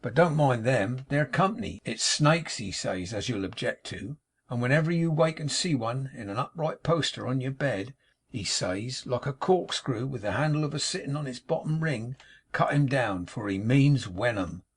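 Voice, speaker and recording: A man voicing a knowing American stranger who talks through a nasal, slow drawl. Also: medium pitch, lively intonation, husky.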